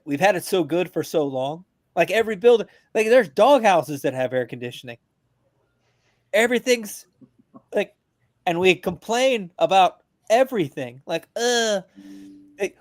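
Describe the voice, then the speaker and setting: A veteran man ranting on a podcast in a blunt, joking way, his fairly high voice climbing as he gets going. He talks over a video call, and the sound is dry with no room echo. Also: moderate pace. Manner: blunt, joking, gets louder and higher as he rants. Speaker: veteran guest. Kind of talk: casual podcast rant.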